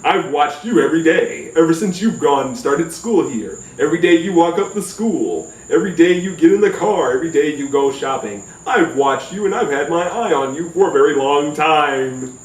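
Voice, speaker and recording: A man's voice: fairly high pitch, animated, normal speed, hardly any pauses, far from the mic, lightly acted. A man doing a solemn fatherly talking tree. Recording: roomy echo, off-mic.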